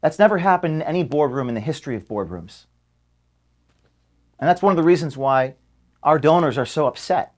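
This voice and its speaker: A man's voice: a little high, animated, fairly quick, pauses often. Earnest man giving a farewell statement. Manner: earnest, wavering between firm and softly emotional. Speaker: organization founder addressing his staff. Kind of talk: recorded farewell statement to staff. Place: office at headquarters.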